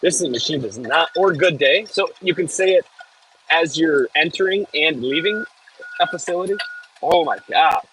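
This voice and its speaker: American man, animated up-and-down voice, casual live-stream chatter, cursing at bumps, faint outdoor hum behind. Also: a little high, normal speed, rough recording. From United States. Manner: chatty, reads viewer chat aloud, swears when jolted. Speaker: livestreaming equipment operator. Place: cab of a heavy machine bouncing over frozen ground outdoors.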